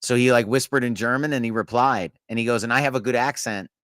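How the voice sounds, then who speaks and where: A man's voice: medium pitch, fast, a bit bright, no room sound, clean studio sound. A man co-hosting a podcast, telling rambling anecdotes in casual chat with frequent laughs and swearing. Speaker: podcast co-host.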